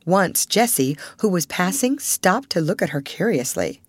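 Lively woman narrating a classic novel. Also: fairly low pitch, a little slow, slightly rough, no echo. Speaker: audiobook narrator.

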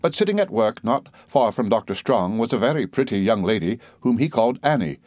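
A man narrating a novel in a measured, steady reading. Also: mid-range voice, dry recording. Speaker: audiobook narrator. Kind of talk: scripted narration.

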